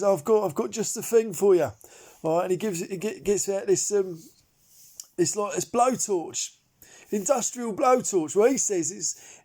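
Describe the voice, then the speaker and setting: A man's voice: high voice, dark tone, lightly acted. A man playing rambling bumbling bloke. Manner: rambling, hesitant, full of restarts and fillers. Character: bumbling male amateur chef Derek, rambling storyteller. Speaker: comedy character monologue. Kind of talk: improvised character monologue.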